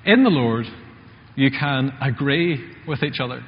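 A man's voice: medium pitch, lively intonation, unhurried, a little hiss or hum. A man preaching a sermon in a church, talking in a conversational way and asking the congregation questions. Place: church hall. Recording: muffled church recording with long reverb.

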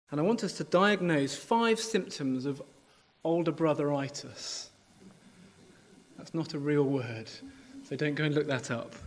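A man's voice: on the high side, long reverb tail. A man preaching a sermon, reading a scripture passage and animatedly acting out its characters in a conversational way.

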